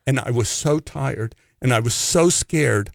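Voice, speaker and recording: A man's voice: mid-range voice, measured pace, creaky, no room sound, studio quality. A man, an actor, telling a comic anecdote and acting out the people in it. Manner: animated storyteller who acts out the people in his tale. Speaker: actor telling stories as a guest.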